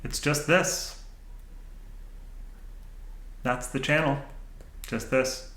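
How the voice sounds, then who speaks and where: A man's voice: mid-range voice, fairly even intonation, very slow, fairly bright tone, roomy sound, rough recording. A man hosting his own channel, rambling in an unedited monologue, self-mocking and laughing often as he talks back to his own thoughts. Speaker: channel host. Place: indoor room, sitting at camera.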